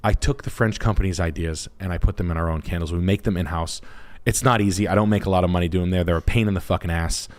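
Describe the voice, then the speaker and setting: Crude rambly guy on a live stream, lowish voice, fast and loose. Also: steady tone. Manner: brash, profane, rambling. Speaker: realtor and livestream host. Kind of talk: crude casual stream chat.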